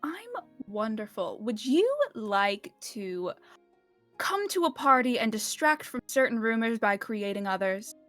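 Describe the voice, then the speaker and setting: A sophisticated society woman with a taste for intrigue, played by a woman. Her voice sits fairly high and her delivery is affected, full of endearments. Faint music runs behind her in this role-play podcast. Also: animated, unhurried, a bit bright, no echo. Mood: scheming. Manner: affected, calls others darling.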